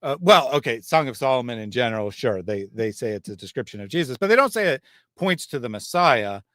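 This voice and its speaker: A man's voice: medium pitch, big pitch swings, fairly quick, fairly bright tone, no room sound, studio quality. A man hosting a livestream, reading out chat comments and explaining in a conversational, thinking-aloud way. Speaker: channel host. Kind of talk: livestream discussion.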